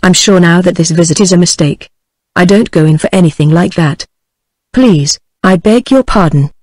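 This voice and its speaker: A British woman voicing a very young, soft-spoken girl in a storybook, in a steady text-to-speech reading. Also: moderate pace, no room sound, natural voice. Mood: flustered. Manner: soft, low-voiced.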